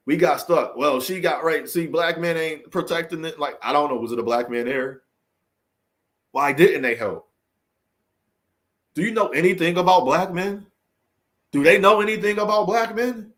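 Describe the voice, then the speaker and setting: Earnest preachy man, fairly high voice. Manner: earnest and preachy, rambling with many restarts and repeated phrases; emphatic rhetorical questions, swinging between raised and subdued delivery. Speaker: vlogger giving a motivational talk. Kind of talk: unscripted heartfelt monologue to camera.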